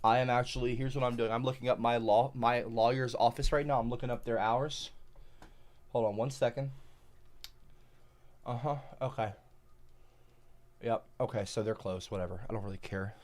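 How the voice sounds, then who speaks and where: A man livestreaming into a headset mic, reading chat aloud and cursing and yelling back at viewers. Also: mid-range voice, steady tone, moderate pace, long pauses. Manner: profane, combative, shouting back at chat.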